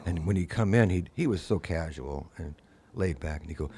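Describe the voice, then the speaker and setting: Older man, musician guest, low pitch, husky mellow voice, animated storytelling. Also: normal speed, hardly any pauses, slight background noise. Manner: anecdotal, animated quoted voices. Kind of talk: casual storytelling.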